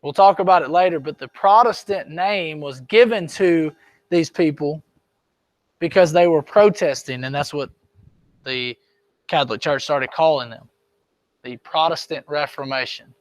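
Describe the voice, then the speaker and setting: Man, classroom lecture, high voice, dry sound. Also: moderate pace, no echo. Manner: conversational, checks on students often. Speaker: history teacher.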